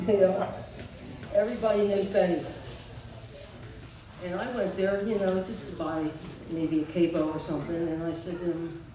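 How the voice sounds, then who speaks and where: A man in his sixties giving a tribute speech for his brother, telling stories in a halting way, with fillers and chuckles. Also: high voice, little pitch movement, warm tone. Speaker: family member giving a eulogy. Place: memorial gathering in a large hall. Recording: echoey hall from far off, noisy.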